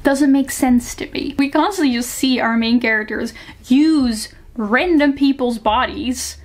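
A woman's voice: high-pitched, unhurried. Chatty young woman reviewing books. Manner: chatty, frank, lots of fillers like "like" and "you know". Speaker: book reviewer. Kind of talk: casual book review vlog.

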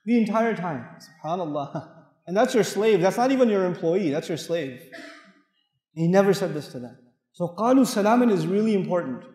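A man with a high voice delivers a quick, animated sermon, throwing rhetorical questions and reciting Arabic verses. His voice rings through a roomy hall with a long reverb tail. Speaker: Islamic lecturer.

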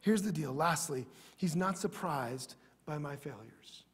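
Husky high-voiced man preaching a sermon. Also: animated, measured pace. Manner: earnest, drops to soft prayerful tones. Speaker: pastor. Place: church.

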